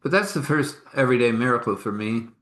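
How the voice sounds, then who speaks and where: A man's voice: mid-range voice, lively intonation, fast, a bit bright, echoey room. A man telling an informal faith story in a rambling, chuckling, conversational way.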